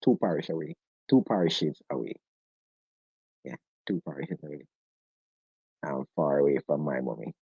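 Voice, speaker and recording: A man's voice: very deep voice, moderate pace, gravelly, long pauses, breathy edge, no echo, phone-quality sound. A man hosting a live-stream chat in a playful, joking way. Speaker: host of a live discussion stream.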